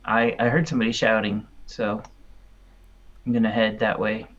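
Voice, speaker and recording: A man's voice: on the low side, level tone, moderate pace, fairly bright tone, muffled recording. A man playing a tabletop game, chatty and thinking aloud as he moves. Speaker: player.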